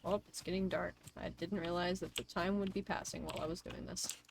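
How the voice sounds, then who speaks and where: A woman streamer casually commenting on her gameplay in soft, muttered asides. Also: on the low side, fairly even intonation, fairly quick, creaky, a little hiss or hum.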